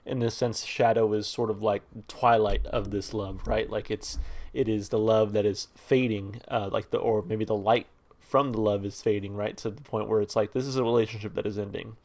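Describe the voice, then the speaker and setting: A man hosting a music reaction channel, talking through a song in a relaxed, rambling way and reading its lyrics aloud. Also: fairly low pitch, normal speed. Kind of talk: casual music review talk.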